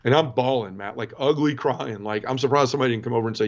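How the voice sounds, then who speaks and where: A man in his forties, a podcast guest, telling his personal conversion story earnestly and emotionally, with many halting restarts. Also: mid-range voice, dull audio.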